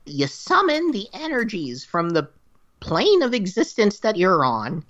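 A man's voice: high-pitched, huge pitch swings, unhurried, fairly bright tone, lo-fi sound, voice pushed up, heavily acted. A man voicing a wise old female witch who explains things in a theatrical storybook way. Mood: playful, theatrical.

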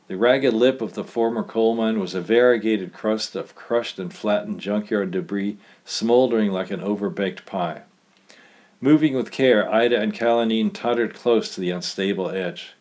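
A man reading his own short story aloud in a plain, steady way. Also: fairly low pitch.

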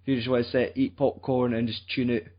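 A man's voice: medium pitch, little pitch movement, quick pace. Young scottish guy rambling about movies, swears a lot, kinda muffled lo-fi sound. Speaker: podcast host. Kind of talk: casual film review chat.

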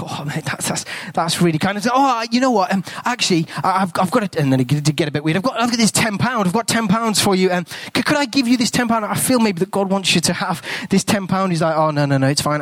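A priest appearing as a guest speaker talks fast with few pauses in a high voice, with no room sound. He tells a story in a sermon, animatedly acting out the conversations and dropping to a hush in tender moments.

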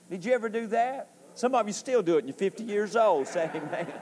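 A man preaching an impassioned sermon as pastor, rising to shouts at its peaks. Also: very high voice, quick pace, hardly any pauses, slight background noise. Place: church sanctuary. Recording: church hall reverb.

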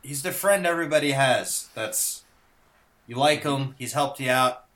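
A man in casual movie chat with friends, an animated storyteller who laughs often and slips into voices for the people he describes. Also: mid-range voice, measured pace. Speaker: podcast co-host.

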